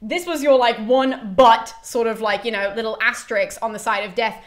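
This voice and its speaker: A woman's voice: fairly high pitch, moderate pace, lightly acted. A woman voicing a flustered, exasperated Greek tragedy chorus that talks in incredulous modern slang.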